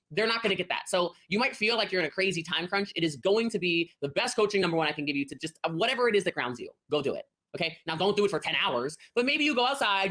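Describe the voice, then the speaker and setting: Rapid-fire woman coaching sellers. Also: on the low side, a bit bright. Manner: rapid, emphatic, acts out quoted voices. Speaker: network marketing coach. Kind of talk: live coaching call advice.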